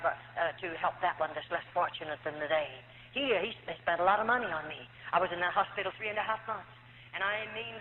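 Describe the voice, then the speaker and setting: A woman from the United States telling her life story as a dramatic, emotional testimony in a church hall. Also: mid-range voice. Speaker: testimony speaker. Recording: tinny old recording in an echoey hall.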